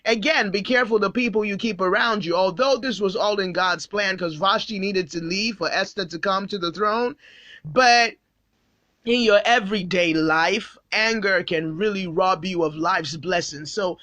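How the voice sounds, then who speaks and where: A woman's voice: medium pitch, normal speed, fairly bright tone, no room sound. A woman pastor teaching a Bible sermon, speaking emphatically and repeating phrases for stress.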